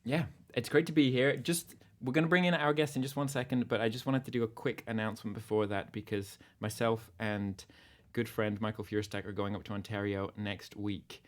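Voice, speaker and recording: A man's voice: fairly low pitch, little pitch movement, fairly quick, few pauses. Easygoing British man hosting a livestream. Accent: British English, drifting slightly North American. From Britain. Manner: jokey, easygoing, chatty. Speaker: livestream host. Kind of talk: casual livestream chat.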